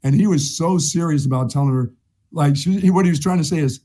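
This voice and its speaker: A man's voice: fairly high pitch, quick pace, warm tone. A middle-aged man co-hosting a sports talk show, telling a long story in a chatty way, repeating himself and laughing at his own tale. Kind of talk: casual sports chat, storytelling.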